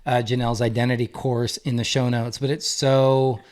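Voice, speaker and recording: A man's voice: mid-range voice, little pitch movement, normal speed, a little mellow. A man in his thirties, a marriage coach, giving an earnest, emphatic faith-based talk and repeating key phrases for weight. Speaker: marriage coach and podcast co-host.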